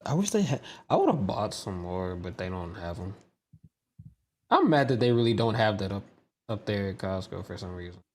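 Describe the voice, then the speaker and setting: A man's voice: lowish voice, sing-song, normal speed. A man chatting casually with his sister about a show, laid-back with short replies. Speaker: guest, host's brother. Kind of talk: casual chat.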